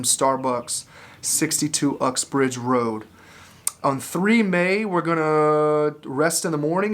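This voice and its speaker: A man's voice: mid-range voice, a bit bright. A man, an evangelist, casually talking through a trip schedule in a loose, informal way with frequent fillers. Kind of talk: casual spoken announcement.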